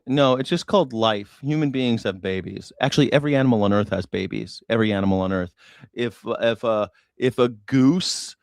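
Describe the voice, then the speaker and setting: A man with a medium-pitched voice hosts a news reaction stream, recorded with clean studio sound and no room sound. His heated political commentary is sarcastic and full of swearing as he argues with his chat.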